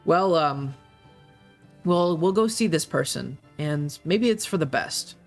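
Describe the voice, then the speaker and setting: A gentle father speaks softly and sighs, as a man plays him in his own natural voice. Faint music plays behind. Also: a little high, expressive, takes it slowly. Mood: resigned. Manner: soft, sighing.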